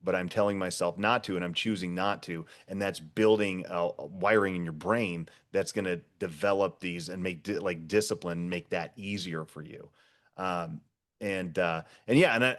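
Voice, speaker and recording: Deep-voiced man talking in rambling bursts. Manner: rambling, many fillers and restarts; blunt, swears casually. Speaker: podcast guest, former first responder. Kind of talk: casual podcast conversation.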